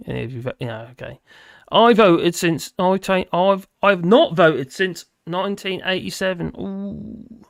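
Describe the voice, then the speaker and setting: A man's voice: sits high, a little slow, gravelly, no echo, studio quality. An English man casually chatting on his live stream, rambling and laughing as he answers viewers' comments. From England. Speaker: livestream host. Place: home in rural France.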